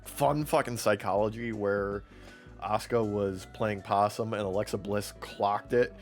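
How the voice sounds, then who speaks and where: A man's voice: lowish voice, steady tone, a little slow. Man, casual podcast recap, swears a lot, laughs, acts out quotes, faint music behind. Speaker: podcast co-host. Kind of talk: casual wrestling recap chat.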